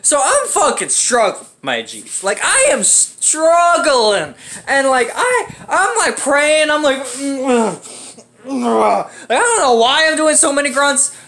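A man's voice: very high-pitched, measured pace. A young man telling an embarrassing story in a casual, profane, dramatic way. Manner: animated, profane, dramatic with acted-out grunts.

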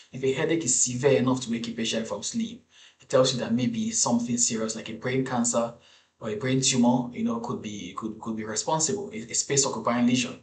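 A man teaching an exam case over slides, in a measured, explanatory way with frequent restarts. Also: medium pitch. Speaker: medical exam tutor. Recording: roomy echo.

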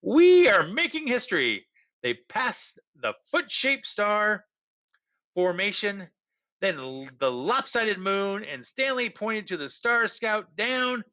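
Man reading a children's book, high lively voice, slow pace, dull lo-fi sound. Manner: expressive, animated narration. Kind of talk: storybook read-aloud.

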